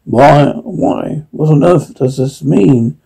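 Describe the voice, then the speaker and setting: A man putting on a stubborn scoffing old gentleman. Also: a little high, slow, vocal fry, husky, full character voice, rough recording.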